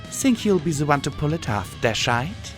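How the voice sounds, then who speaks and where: A man's voice: a little high, very animated, moderate pace, soft background music, voice pushed up. A man voicing a sly, cruel female pegasus pony who taunts and threatens. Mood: menacing. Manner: mocking, taunting.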